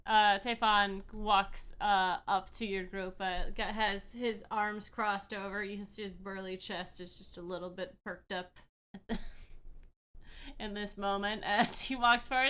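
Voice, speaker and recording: A woman's voice: medium pitch, fairly even intonation, a little slow, a bit bright, clean tone. A woman narrating as game master of a tabletop game, chatty, with many fillers.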